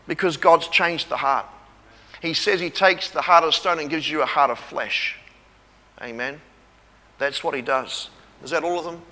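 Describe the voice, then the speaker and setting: A pastor with a slightly high, sharp voice preaches a sermon with testimony, echoing with reverb in a church hall. He's earnest, repeats phrases, and calls for amens.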